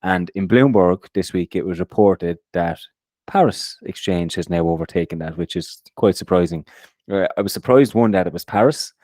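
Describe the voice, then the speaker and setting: A man's voice: deep voice, normal speed, darkish tone, dry recording, studio quality. A man co-hosting a casual podcast, upbeat and prone to repeating words as he starts a sentence. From Ireland. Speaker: podcast co-host. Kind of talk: casual chat.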